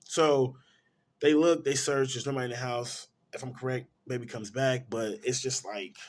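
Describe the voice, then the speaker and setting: Male film reviewer, mid-pitched, casual animated plot recap with slang. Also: moderate pace.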